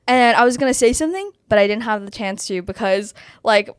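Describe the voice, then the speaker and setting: A young woman co-hosting a podcast, telling a story in a casual, animated way with frequent giggles. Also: on the high side, fairly quick, clear, resonant tone, dry recording, clean studio sound. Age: young adult. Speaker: podcast co-host. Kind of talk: casual chat.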